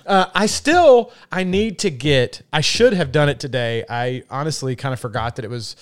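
A man's voice: medium pitch, expressive, normal speed. Laid-back Southern man, casual chat. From American South. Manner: laid-back, swears freely, laughs often. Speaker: podcast co-host.

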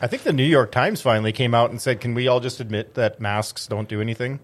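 A man's voice: mid-range voice, fast talker. A man on a casual talk show making blunt, joking asides. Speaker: co-host.

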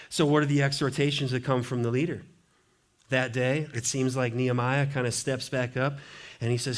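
A male pastor preaching a sermon in a church. He is animated and conversational, with playful asides and sudden drops to a hushed intensity. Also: mid-range voice, normal speed. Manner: animated, swings from loud emphasis to hushed intensity. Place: church sanctuary.

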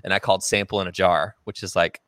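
A man with a fairly low voice hosts a relaxed conversation. He sounds easygoing and keen, and the recording is dry and close with little room sound. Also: quick pace, no room sound. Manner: easygoing, enthusiastic listener. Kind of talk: casual chat.

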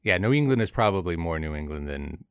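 A young man with a very low voice co-hosts a podcast in relaxed chat. He rambles and laughs at himself, often restarting his sentences. The sound is dry and close. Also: fast, clean tone, no echo. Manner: rambling, self-deprecating, frequent restarts. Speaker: podcast co-host. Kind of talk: casual chat.

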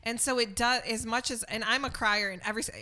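A chatty woman host who keeps the conversation rolling with affirmations. Her voice is mid-pitched and bright. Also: steady tone, quick pace. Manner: chatty, affirming, laughs often. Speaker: podcast host. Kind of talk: casual interview.

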